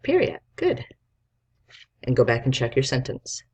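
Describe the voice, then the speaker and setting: A man with a slightly husky, breathy voice leads young pupils through a spelling lesson. He speaks very slowly, dictating words and sounding out letters one at a time, with patient prompts and checks. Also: mid-range voice, big pitch swings, a little mellow, muffled recording. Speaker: teacher.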